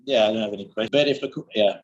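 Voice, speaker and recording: Halting male student on a lo-fi call. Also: on the low side, slightly rough. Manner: halting, searches for words, many restarts. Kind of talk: speaking practice in an online class.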